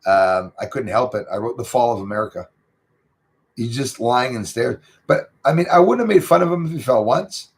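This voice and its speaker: A man's voice: mid-range voice, fairly quick, few pauses, slightly rough. A middle-aged man, chatting casually and rambling with lots of fillers as host of his livestream. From Canada. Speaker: channel host reading live chat.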